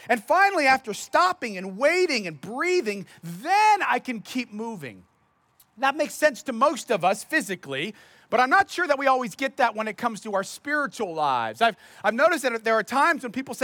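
A man's voice: extremely high pitch, sing-song, moderate pace, bright, forceful tone, no echo. A man preaching a sermon as pastor, telling stories in a conversational, self-deprecating way.

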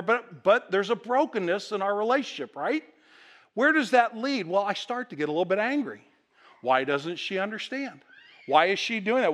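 A man's voice: high-pitched, sharp tone. A middle-aged man, a pastor, preaching a conversational sermon to his congregation, often stammering and repeating words as he goes. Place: church sanctuary with congregation.

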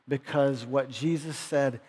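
A man's voice: medium pitch, fairly even intonation, slow, a little mellow, breathy edge. A man preaching a sermon as pastor, explaining a passage conversationally, with frequent restarts. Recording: long reverb of a large hall.

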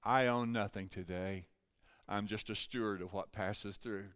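A man's voice: fairly low pitch, fairly even intonation, measured pace, a bit bright, smooth. An older man, a pastor, preaching a folksy, conversational storytelling sermon.

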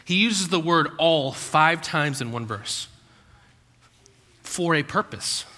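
A man's voice: fairly high pitch, lively intonation, slow pace, pushed and bright. A man preaching a sermon in a conversational way, full of rhetorical questions and acted-out quotes. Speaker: pastor. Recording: long hall reverb.

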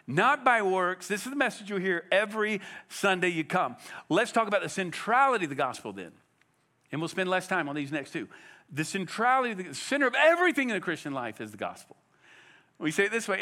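High, lively pastor preaching. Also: male voice. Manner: emphatic, asks the congregation direct questions. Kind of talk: sermon.

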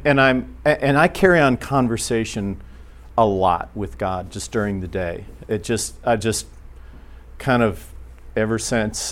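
A man teaching a church class in an earnest, halting way, restarting his sentences often. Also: mid-range voice.

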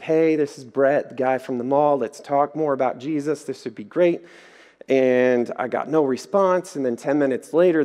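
A man preaching a sermon, telling a personal story with lively acted-out quotes before turning to scripture. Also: medium pitch, big-room sound. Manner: animated storytelling, acting out quoted voices. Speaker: pastor.

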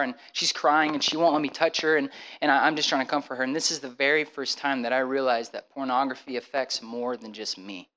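A young man sharing a personal testimony, storytelling with lively acted-out dialogue and frequent quick restarts. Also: medium pitch, rough recording. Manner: animated, acts out the dialogue with many quick restarts.

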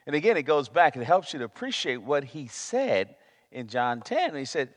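A man's voice: a little high, big pitch swings, moderate pace. A man preaching a sermon, emphatic and prone to repeating himself as he searches for words. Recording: long reverb of a large hall.

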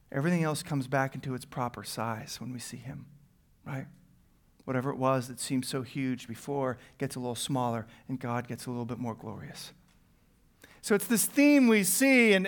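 A man preaching a conversational sermon, dropping to hushed near-whispers and rising to urgent bursts, often tagging lines with "right?". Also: fairly high pitch. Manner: conversational preaching with frequent "right?" and "you know". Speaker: pastor.

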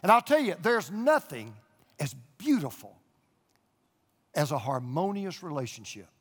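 A man's voice: a little high, sing-song, measured pace, husky, long reverb tail. An older man preaching a sermon as pastor, a folksy storyteller who drives points home with emphatic repetition, speaking in a church auditorium to an audience there and online.

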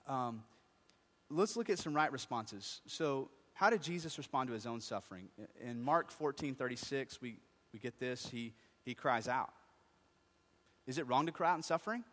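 A man preaching a sermon, asking his congregation questions and answering them himself, moving between quiet asides and loud, impassioned stretches. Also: medium pitch, animated, moderate pace. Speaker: pastor. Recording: long reverb of a large hall.

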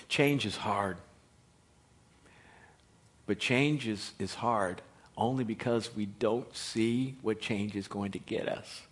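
A man preaching a sermon, swinging from loud exhortation to hushed near-whispers and repeating words as he builds a point. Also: mid-range voice, animated, slow pace. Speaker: pastor.

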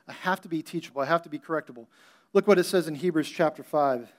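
A male pastor preaches a sermon. He talks conversationally and slips into little acted voices for the scenes he retells. His voice sits a touch high for a man. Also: quick pace.

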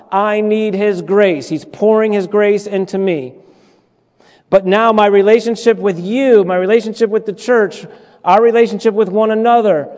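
A man's voice: high-pitched, darkish tone. A male pastor preaching a sermon in a conversational, humorous way, repeating his points and making asides to the congregation. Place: church sanctuary. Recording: long church reverb.

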